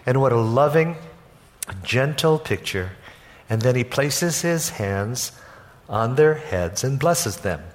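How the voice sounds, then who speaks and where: A senior pastor preaching a sermon in church, telling the story with lively acted-out voices. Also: male voice, medium pitch. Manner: animated storytelling, acts out quoted voices. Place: church sanctuary.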